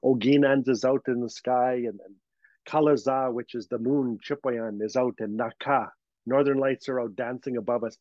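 A man from Northern Canada, a guest telling a story in a lively way, laughing as he goes and acting out the voices. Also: mid-range voice, moderate pace, dry recording. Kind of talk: animated storytelling. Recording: dull lo-fi sound.

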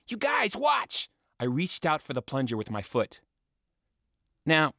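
Brief: lively male storyteller, slightly high voice, dry close sound. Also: dry recording. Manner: animated, with big swings between low hushed and high excited tones. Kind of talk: told personal story.

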